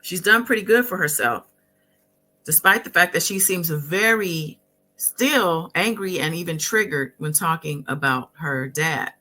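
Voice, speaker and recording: A woman's voice: lowish voice, unhurried, pushed and bright. A woman commenting on a clip for a gossip channel, with sassy, encouraging asides. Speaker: video commentator.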